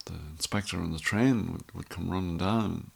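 A man's voice: sits low, fairly quick, creaky, husky. A middle-aged Irish man telling a rambling, wry story in a casual monologue. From Ireland. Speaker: vlogger.

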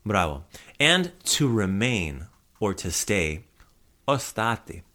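A man's voice: lowish voice, sing-song, slow, pushed and bright. A man hosting a casual podcast, patiently teaching Croatian words and repeating them for a listener to echo. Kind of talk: casual language lesson.

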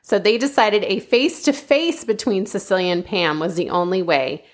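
A woman's voice: medium pitch, moderate pace. Chatty woman telling a true-crime story. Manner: chatty, laughs often, "like" fillers. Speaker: podcast host.

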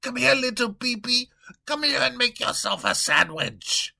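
A man puts on a bossy, blustery king in a comic audio tale, his voice pitched high above his usual speech and ringing bright. He gives orders as if every word were a royal decree, and he shouts when crossed. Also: very animated, a little slow, vocal fry, exaggerated voice. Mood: jovial. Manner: blustery, commanding, prone to yelling. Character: pompous gluttonous male king, bossy.

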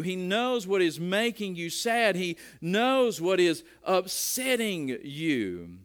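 A middle-aged man preaching a sermon in a conversational way, often repeating words as he starts a phrase. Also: high voice. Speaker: pastor.

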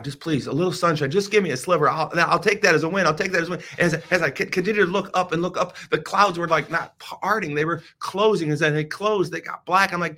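Bright, forceful man preaching on a podcast. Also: fairly high pitch. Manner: dramatic storytelling, swinging from hushed whispers to loud pleading. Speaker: podcast host. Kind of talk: devotional podcast talk.

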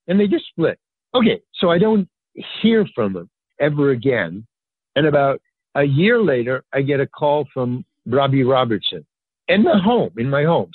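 A slightly rough-voiced older man rambles through a casual story as a podcast guest, acting out its characters with lively pitch jumps. He uses many fillers and restarts sentences, and the sound is tinny like a phone line, dry with no echo.

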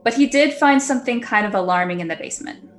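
A woman's voice: a little high, animated, quick pace. A woman casually telling a ghost story on a podcast, chatty and laughing now and then. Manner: chatty, laughs often, acts out quotes.

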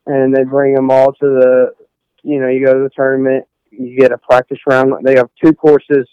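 A man's voice: mid-range voice, completely flat delivery, normal speed, clear, resonant tone, no room sound, dull audio. A young man from Texas, a college golfer rambling casually through an interview with lots of fillers. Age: young adult. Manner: rambling, many fillers and restarts.

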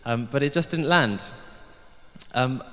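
A man's voice: medium pitch, slow pace, fairly bright tone. A man giving a light-hearted church sermon, chatty and self-deprecating, with frequent ums. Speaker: preacher. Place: church hall. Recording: long hall reverb.

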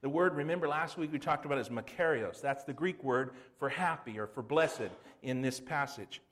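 A man's voice: mid-range voice, moderate pace, fairly bright tone. A middle-aged man preaching a sermon as pastor, folksy and conversational, with rhetorical questions and asides.

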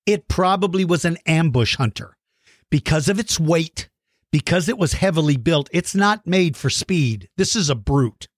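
Male educator, slightly high voice with a very lively pitch, talks right to the viewer, dry close recording. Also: normal speed, dry recording. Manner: animated, speculative, asks rhetorical questions; addresses viewers directly. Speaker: science educator. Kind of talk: explaining to viewers.

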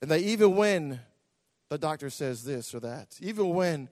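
High-voiced preacher in a reverberant hall. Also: male voice, expressive, normal speed. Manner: impassioned, repetitive, swings from hushed to shouting. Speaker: pastor. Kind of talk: sermon testimony. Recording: long reverb of a large hall.

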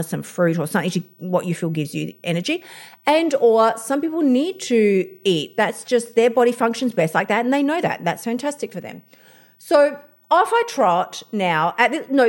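Woman, podcast host, blunt, profane, energetic motivational talk. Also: medium pitch. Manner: blunt, swears freely, fired up.

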